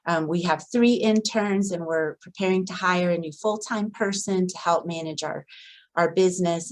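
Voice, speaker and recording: Low-voiced woman giving heartfelt thanks. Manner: grateful, heartfelt. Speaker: startup founder giving thanks. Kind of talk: graduation thank-you speech.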